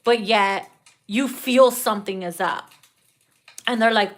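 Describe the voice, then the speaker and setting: A young adult woman gives a casual tarot reading, sassy and profane, often laughing at her own jokes. Her voice is medium in pitch and her pace is measured.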